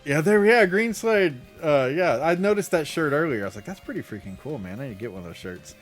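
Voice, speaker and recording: Man, co-host, casual podcast chat, animated and laughing, higher-pitched, light music under. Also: fast. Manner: animated, laughing, mock announcer bits.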